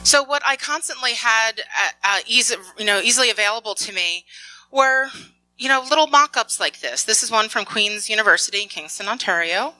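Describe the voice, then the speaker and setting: A woman's voice: on the high side, a little fast, faint music behind, poor audio. A woman working in information security, giving a storytelling talk full of acted-out dialogue and light laughs. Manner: lively anecdotal storytelling, acts out dialogue.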